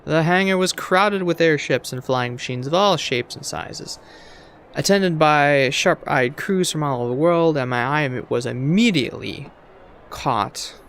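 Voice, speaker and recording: A man's voice: a little high, a little slow, a bit bright, a little hiss or hum. A man reading a story game aloud while playing, stumbling over words and adding asides. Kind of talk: let's play reading aloud.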